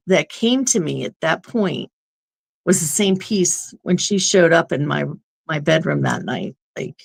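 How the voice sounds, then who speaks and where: A woman's voice: mid-range voice, gravelly. A woman guest on an interview show, telling a personal story in an earnest, rambling way. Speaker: guest medium.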